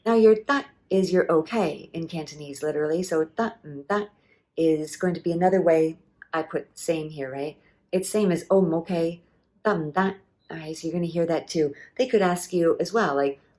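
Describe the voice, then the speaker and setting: Woman, lower register, casual patient teacher who models phrases and says "uh" a lot. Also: fairly quick, a little mellow. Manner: explains patiently, modelling phrases with many fillers. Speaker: language teacher. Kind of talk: casual language lesson.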